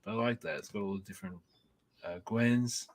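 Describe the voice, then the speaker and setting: A man's voice: fairly low pitch, moderate pace, creaky. A man co-hosting a casual chat about comics and films, rambling and enthusiastic with many restarts. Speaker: podcast co-host.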